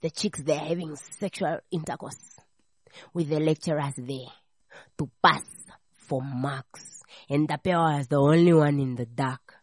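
Radio host lady, animated, telling a story and chatting with callers, dry close sound. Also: low-pitched, unhurried, no echo. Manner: animated, acts out the people in her stories. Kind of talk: casual call-in chat and storytelling.

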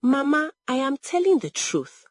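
A woman's voice: high-pitched, very animated, measured pace, dry recording, studio quality, voice pushed up. A woman voicing a wronged young daughter who pleads in a trembling voice in a story. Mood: pleading.

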